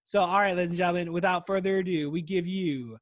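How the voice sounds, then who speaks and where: Rambling, foul-mouthed male podcast host, high voice, dry close sound. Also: fairly even intonation, fast, no room sound. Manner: rambling, swears often, says "dude" constantly. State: voice wearing out. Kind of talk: casual solo podcast chat.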